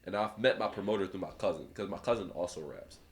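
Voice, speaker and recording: A young man, a rapper guest on a podcast, telling a story in a relaxed casual way, laughing often and acting out other people's lines. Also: low voice, fast, a little hiss or hum. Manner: laughs often, acts out voices in anecdotes.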